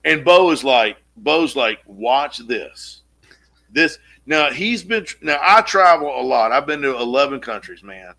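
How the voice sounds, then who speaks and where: A man co-hosting a casual podcast, telling a long story in an animated way and acting out the quotes, with casual swearing. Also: medium pitch, a little slow, creaky. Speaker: podcast co-host.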